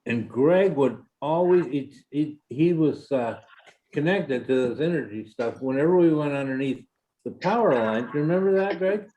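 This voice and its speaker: A man telling family stories slowly, laughing often as he goes. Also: fairly high pitch, muffled recording. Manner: laughing, slow and lively. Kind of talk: casual family storytelling.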